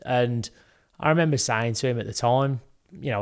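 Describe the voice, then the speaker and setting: A man's voice: mid-range voice, moderate pace, smooth. A young British man co-hosting a podcast, telling a personal story in an earnest, candid way. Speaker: podcast co-host. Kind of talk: casual podcast chat.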